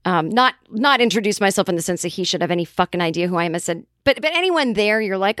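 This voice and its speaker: A woman's voice: medium pitch, expressive, fast talker, fairly bright tone, dry recording, clean studio sound. A middle-aged woman from the Boston area, hosting a podcast and telling a rambling, casual story, swearing freely. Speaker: podcast host.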